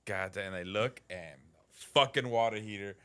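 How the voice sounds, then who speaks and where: A man's voice: on the low side, normal speed, fairly bright tone, smooth. Swearing storyteller man on a podcast. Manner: swears freely, tells stories with acted-out quotes; laughs often. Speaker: podcast co-host. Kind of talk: casual podcast chat.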